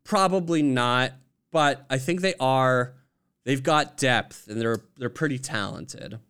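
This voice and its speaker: A man's voice: mid-range voice, slow pace, fairly bright tone, clear, resonant tone. A man giving reasoned opinions on basketball trades in a casual chat, speaking conversationally with fillers. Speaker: podcast guest fan.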